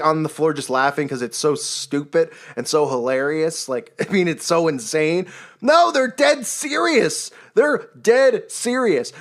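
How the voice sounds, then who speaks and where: A man with a notably high voice rants in an indignant, exasperated way. He delivers religious commentary, swinging between outrage and disbelief. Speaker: online commentator.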